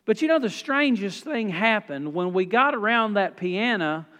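A high-voiced man in his forties preaches with folksy storytelling. He swings between soft, low asides and loud, rising peaks. His voice rings with the long reverb of a church hall. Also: animated, moderate pace. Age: 40s. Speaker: pastor. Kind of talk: sermon with storytelling.

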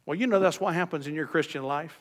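A male pastor preaching a sermon, swinging from emphatic raised peaks to quiet, low drops. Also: fast talker. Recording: long hall reverb.

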